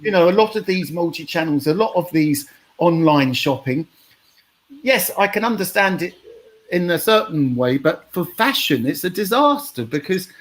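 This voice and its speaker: Man, radio guest musician, high voice, emphatic, repeats himself. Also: expressive, normal speed. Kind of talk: casual radio interview.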